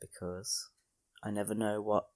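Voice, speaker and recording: A man's voice: on the low side, flat delivery, a little slow, a little mellow, dry recording, studio quality. A young man hosting a solo podcast, rambling with crude, self-mocking humour. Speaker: podcast host.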